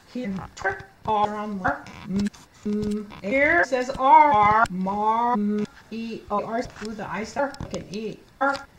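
A woman teaching young children to read, sounding out letters slowly and cheering them on through a read-aloud lesson. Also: mid-range voice, vocal fry, reverberant, noisy background. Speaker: reading teacher.

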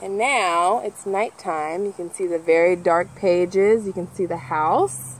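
A woman reading a children's picture book aloud as a nature center educator, animated and imitating bird calls as she points out the pictures. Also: on the low side, a little slow, slight background noise.

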